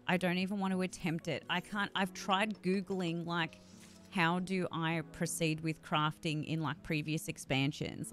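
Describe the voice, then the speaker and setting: A woman's voice: lowish voice, fairly bright tone. A woman with a sore voice, chatting casually with her live-stream audience while gaming, swearing freely and grumbling.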